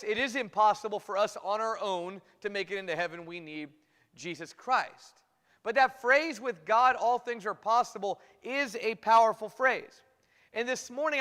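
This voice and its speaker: A man preaching a morning sermon, retelling a Bible story in a lively way and acting out the quoted speakers. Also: sits high. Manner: storytelling, acts out quoted voices. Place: church sanctuary. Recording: long hall reverb.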